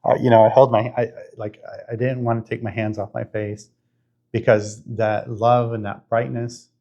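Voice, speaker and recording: A man in his fifties hosting a podcast, telling a spiritual story in an earnest, halting way with many restarts. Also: mid-range voice, flat delivery, lo-fi sound. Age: 50s. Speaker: podcast host.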